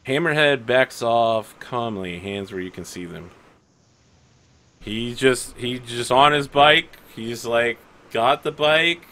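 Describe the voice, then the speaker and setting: Bright-voiced game master explaining rules. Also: male voice, mid-range voice, slow pace. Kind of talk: running a tabletop game.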